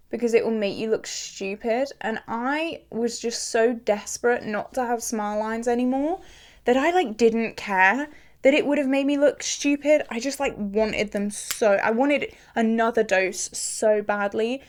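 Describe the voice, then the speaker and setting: A woman's voice: fairly high pitch, unhurried. A young woman in her twenties talking casually to camera while doing her makeup, frank and chatty with lots of "like" fillers. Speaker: beauty vlogger.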